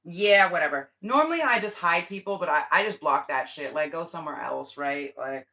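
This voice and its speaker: Lowish-voiced woman ranting on a stream, cusses a lot, muffled lo-fi sound. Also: lively intonation, a little fast, pushed and bright. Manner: blunt, profane, ranting. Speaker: spiritual livestream host. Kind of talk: casual livestream chat. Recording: dull lo-fi livestream audio.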